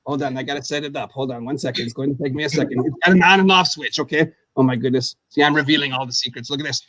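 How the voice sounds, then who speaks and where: A man hosting a live stream chat, excitable and full of exclamations, jumping from topic to topic. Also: mid-range voice, racing. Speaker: host.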